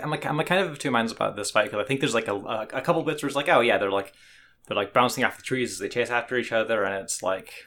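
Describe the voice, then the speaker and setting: A man's voice: mid-range voice, fairly bright tone. A man co-hosting an anime podcast, talking casually in a rambling way with lots of restarts and fillers. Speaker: podcast co-host.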